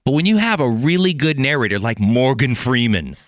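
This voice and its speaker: A man's voice: mid-range voice, sing-song, brisk, no echo, studio quality. A man hosting a podcast in casual chat, loose and rambling, with frequent swearing. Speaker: podcast host.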